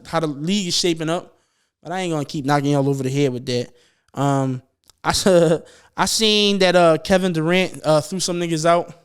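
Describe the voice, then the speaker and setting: A young adult man hosting a podcast, telling stories in casual chat, animated and profane with lots of slang. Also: on the high side, clear, resonant tone. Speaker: podcast host.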